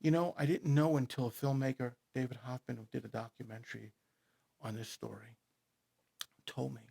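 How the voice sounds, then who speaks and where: Gravelly New York man telling stories. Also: medium pitch, fairly quick. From New York City. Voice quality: gravelly, husky. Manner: animated, rambling storyteller who speeds up and gets loud when excited. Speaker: guest author. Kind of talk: storytelling in an interview. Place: studio.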